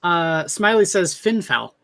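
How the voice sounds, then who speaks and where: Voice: mid-range voice, lively intonation, measured pace, sharp tone. Stammering co-host on a livestream. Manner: hesitant, stammering. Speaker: podcast co-host. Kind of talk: casual livestream chat.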